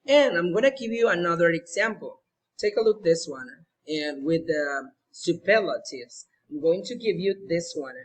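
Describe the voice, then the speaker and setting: A young man, teaching a recorded homework lesson to schoolchildren, slow and patient, repeating words and checking in often. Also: on the high side, expressive. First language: Spanish.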